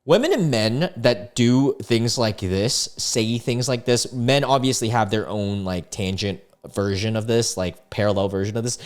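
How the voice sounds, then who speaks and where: Lively, incredulous young man reacting. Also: mid-range voice, moderate pace. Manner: incredulous, rambling, animated reactions. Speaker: host reading online dating chats. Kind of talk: casual reaction commentary.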